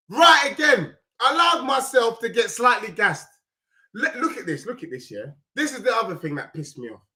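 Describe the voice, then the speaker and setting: Hoarse young man, high and sharp-toned, shouting football rants. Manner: ranting, often shouting. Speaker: fan channel host. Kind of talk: ranting football reaction.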